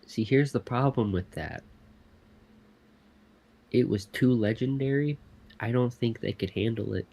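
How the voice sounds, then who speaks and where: A young man co-hosting a casual podcast chat, laid-back and making short, measured remarks. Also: medium pitch, creaky, mellow, husky. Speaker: podcast co-host.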